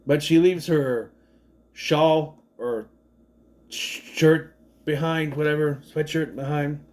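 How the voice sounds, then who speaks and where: A man's voice: on the high side, steady tone, slow pace. A man in his thirties, a father, casually recapping a movie in a chatty, rambling way, acting out the characters' lines. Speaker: movie reviewer.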